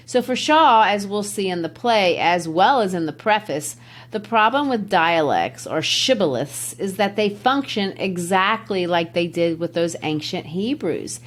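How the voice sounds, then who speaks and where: Woman, lower voice, conversational podcast co-host, explains and quotes literature. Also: expressive, measured pace. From Tennessee, USA. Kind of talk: casual literary discussion.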